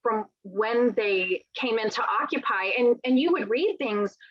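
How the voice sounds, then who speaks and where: A middle-aged woman author in a conversational interview, telling lively stories and acting out quoted dialogue. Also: a little high, unhurried, no echo. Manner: animated storyteller, acts out quoted dialogue. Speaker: author guest. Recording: dull, lo-fi sound.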